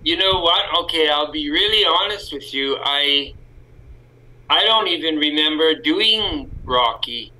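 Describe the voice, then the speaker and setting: Canadian male guest actor, slow-paced, very bright voice, rambling candid delivery. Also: on the high side, animated, slight background noise, low-quality recording. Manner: rambling, self-correcting, candid. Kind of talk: casual podcast interview.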